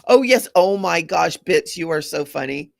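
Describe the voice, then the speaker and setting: Woman, intuitive reader, gravelly fry, affirming chatty manner. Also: on the low side, lively intonation, moderate pace, no room sound, clean studio sound. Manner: affirming, repeats mantras, chatty asides. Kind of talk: live spiritual card reading.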